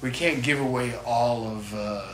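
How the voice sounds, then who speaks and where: A man's voice: medium pitch, moderate pace. Profane joking man in an echoey room. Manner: profane, joking, laughs often. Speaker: podcast co-host. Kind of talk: casual comedic chat. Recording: roomy echo, faint noise.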